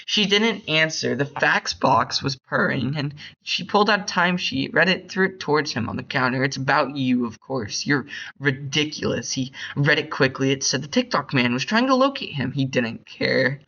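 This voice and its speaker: A young man reading a short story aloud in a bored, hurried way, stumbling over words. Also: a little high, animated, bright, forceful tone, dull audio. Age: young adult. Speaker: reader.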